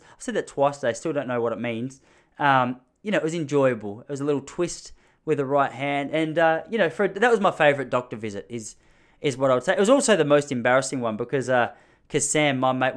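Man, comic storyteller, animated and self-mocking, mid-pitched voice. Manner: animated, self-mocking, jumps into high panicky voices for his younger self.

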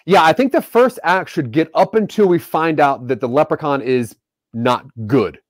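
A man steering a loose story-planning session with animated energy, slipping into quick bits of character voices. His voice sits a little high for a man and sounds dry and close, with almost no room around it. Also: no echo. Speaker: writer leading a story brainstorm. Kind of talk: casual creative brainstorming.

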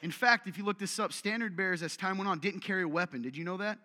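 Energetic bright-voiced male preacher in a reverberant hall. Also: high-pitched, fast talker. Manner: energetic and direct, full of rhetorical questions and self-deprecating humor. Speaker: pastor. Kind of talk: sermon.

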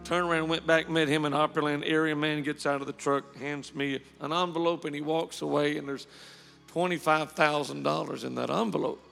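A pastor preaches in a church, his voice a little high and rough with gravel. He tells his stories with feeling and climbs into fervent praise. Soft music sits beneath him as his words ring out through a long, echoing hall. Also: steady tone, brisk. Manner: storytelling, emotional, rising to fervent praise. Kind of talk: sermon. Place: church sanctuary.

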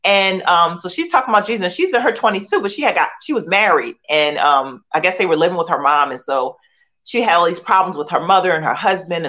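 A woman's voice: mid-range voice, fairly bright tone. A middle-aged woman from Philadelphia sharing her faith testimony as a guest, emotional and repetitive, firing off rhetorical questions. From Philadelphia, USA. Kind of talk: candid personal testimony.

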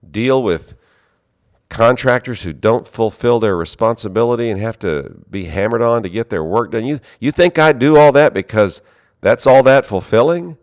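A fervent, insistent male handyman, as told by a preacher, his voice lifted higher and fuller than the teller's own. He speaks slowly and presses each point home. The recording sounds close and dry. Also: dry recording, close to an everyday voice. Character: earnest male handyman, devoted to students.

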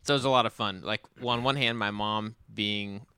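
A man telling family stories in a relaxed, casual chat, with fillers and restarts. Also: on the low side, a little fast, clear, resonant tone, no room sound.

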